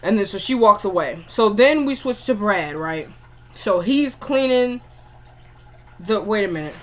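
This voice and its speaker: A woman casually recapping a TV episode in an animated, chatty way, spelling out her swear words. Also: medium pitch, a little slow. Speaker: TV episode reviewer.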